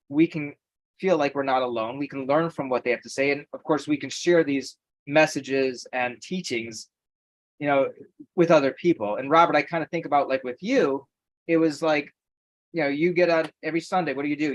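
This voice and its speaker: A man's voice: fairly high pitch, no room sound, low-quality recording. Man, podcast guest, earnest, talkative, dry close recording. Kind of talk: casual podcast conversation.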